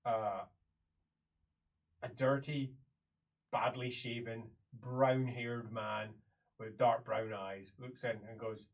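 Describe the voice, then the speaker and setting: A woman's voice: a bass voice, steady tone, slow pace, pauses often. A woman, narrating a tabletop game as game master, often laughing.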